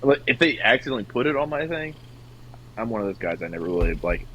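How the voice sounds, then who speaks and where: A man's voice: medium pitch, sing-song, fast, dull audio, slight background noise. A man co-hosting a casual podcast chat, joking around and slipping into goofy put-on accents. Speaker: podcast co-host.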